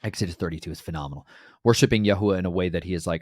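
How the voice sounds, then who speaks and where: A man giving a casual, animated Bible teaching who talks straight to listeners and acts out the voices he quotes. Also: low-pitched, racing, no room sound, clean studio sound.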